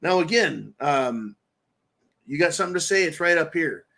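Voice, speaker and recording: Guy ranting on his livestream, kinda high voice, mocking and crude. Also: expressive, normal speed, creaky, bright, forceful tone. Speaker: livestream host. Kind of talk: political commentary livestream.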